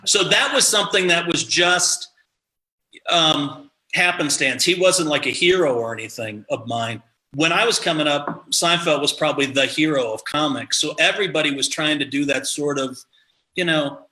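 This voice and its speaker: A man's voice: on the high side, moderate pace, reverberant, poor audio. A middle-aged man from the American Midwest telling comedy stories in casual chat, acting out the voices he quotes. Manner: animated, acts out quoted voices. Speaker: podcast guest, comedian.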